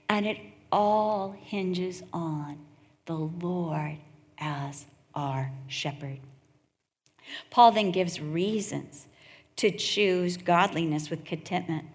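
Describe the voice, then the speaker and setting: A middle-aged woman preaching a sermon, earnest and storytelling, with slow drawn-out emphasis. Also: fairly low pitch. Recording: echoey hall.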